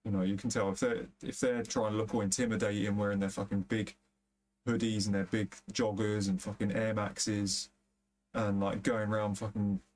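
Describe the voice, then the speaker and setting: Low-voiced London-accented male gaming streamer. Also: little pitch movement, normal speed, darkish tone, a little hiss or hum. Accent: London area English. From England. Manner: rambling, swears freely, lots of fillers. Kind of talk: casual chat while streaming a football game.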